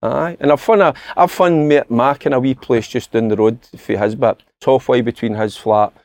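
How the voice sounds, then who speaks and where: A man's voice: mid-range voice, normal speed, a little mellow, no echo. A middle-aged Scottish man telling stories in casual podcast chat, laughing and swearing often. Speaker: podcast pundit.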